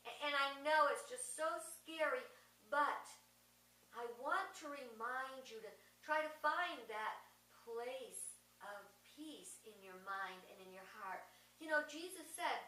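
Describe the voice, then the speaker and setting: A middle-aged woman with a high, bright voice gives a gentle spiritual talk, slowing for emphasis. She sounds a little distant, with a roomy echo around her. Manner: gentle, slow emphasis, storytelling asides. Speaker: speaker giving an advent message.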